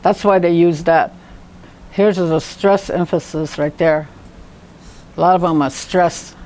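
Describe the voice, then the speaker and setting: A woman teaching a language class, telling funny stories with frequent laughter and sounding out syllables slowly. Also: on the low side, steady tone, darkish tone.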